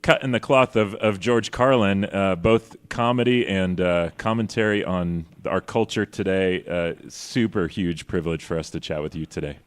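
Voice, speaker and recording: Earnest low-voiced co-host man. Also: moderate pace, few pauses, clear, resonant tone. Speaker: podcast co-host. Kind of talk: casual interview chat.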